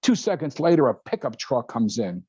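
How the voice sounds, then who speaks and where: An older man and guest pilot, telling a story in casual talk, animated and laughing often as he acts out other people's voices. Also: mid-range voice, normal speed, husky, dry recording. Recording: dull lo-fi sound.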